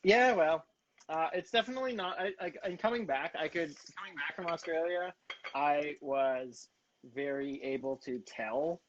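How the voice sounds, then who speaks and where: A Canadian man hosts a relaxed chat over a video call, joking at his own expense and laughing a lot. His voice sits a little high. The call audio is dull and lo-fi, with a faint hiss underneath. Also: moderate pace. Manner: chatty, self-mocking, laughs often. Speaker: host. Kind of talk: casual video-call chat while cooking.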